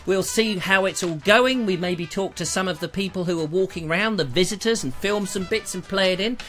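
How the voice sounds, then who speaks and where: A man's voice: high-pitched, brisk, fairly bright tone, soft background music. A middle-aged man hosting a live online show, chatting in a playful, theatrical way with teasing asides and repeated phrases. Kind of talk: rambling live-stream chat.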